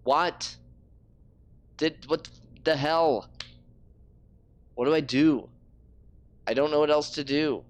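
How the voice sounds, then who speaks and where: A man's voice: on the high side, takes it slowly, pauses often, dry recording. A man streaming a game live, ranting in frustration and swearing freely. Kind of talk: casual live-stream talk.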